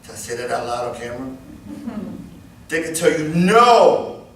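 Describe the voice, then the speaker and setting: A man in his fifties running a live workplace safety training class, animated and joking as he demonstrates moves. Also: a little high, unhurried, slight background noise. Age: 50s. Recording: very echoey room, far mic, faint ambience.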